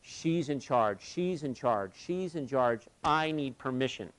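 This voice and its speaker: A man leading a live workshop session, telling stories with lively energy and acting out both sides of conversations. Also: mid-range voice, unhurried, hardly any pauses. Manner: animated, acts out both sides of dialogues. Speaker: workshop facilitator.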